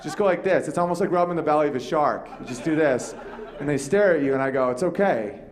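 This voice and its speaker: A man's voice: fairly high pitch, fast talker. A man hosting a comedy chat show, telling a story with lots of swearing and acted-out voices. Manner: animated storytelling, acts out quoted voices, swears freely. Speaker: podcast host and comedian.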